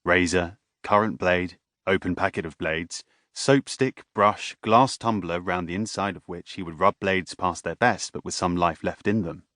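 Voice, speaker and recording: A man reading a novel aloud as an audiobook narrator, in a measured, even way. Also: low-pitched, no room sound, studio quality.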